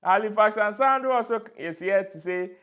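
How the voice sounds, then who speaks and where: A man's voice: sits high, normal speed, a bit bright, clean tone. A man hosting a commentary show, reading viewer comments aloud with amusement. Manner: amused, laughs often while reading aloud. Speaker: host.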